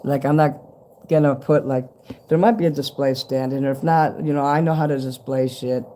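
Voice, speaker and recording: Talking to a handheld camera, a vlogger opens a fan's package at home, rambling, swearing and easily thrilled. He has a warm, medium-pitched voice with a steady tone at normal speed, and there's a little hiss or hum in the recording.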